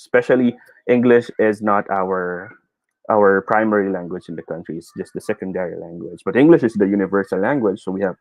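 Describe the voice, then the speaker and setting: A man's voice: on the low side, a little mellow, no echo, poor audio. A man with a Filipino accent teaching an online speech class, encouraging, mixing Tagalog and English and chuckling often, heard over a video call.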